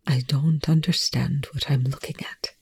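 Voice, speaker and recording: A reader voicing a tense, sharp-tongued male scientist who speaks in a breathy, hollow whisper. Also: medium pitch, a little slow. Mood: shaken.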